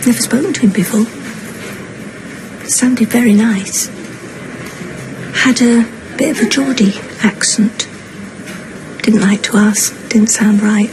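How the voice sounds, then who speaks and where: A fretful older mother. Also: fairly high pitch. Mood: grieving. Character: anxious, self-pitying older mother and grandmother. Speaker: soap opera character. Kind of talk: television drama acting. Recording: noisy broadcast soundtrack.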